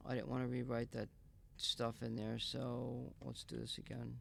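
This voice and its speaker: A man's voice: medium pitch, completely flat delivery, moderate pace, gravelly, a bit bright. A man streaming a game live, muttering and swearing in frustration to himself. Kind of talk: live gameplay stream talk.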